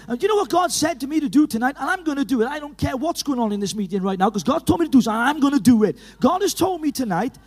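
A middle-aged man with a Welsh accent from Llanelli, preaching an animated evangelistic sermon in a church hall, full of stories and urgent calls. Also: very high-pitched, fast, few pauses. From Wales. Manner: animated, storytelling with laughs, rising to urgent calls. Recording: reverberant hall.

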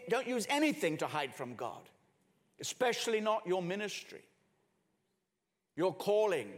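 A man preaching a sermon, swinging between hushed low passages and raised emphatic ones. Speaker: pastor. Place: church hall with congregation and musicians. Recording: long reverb of a church hall.

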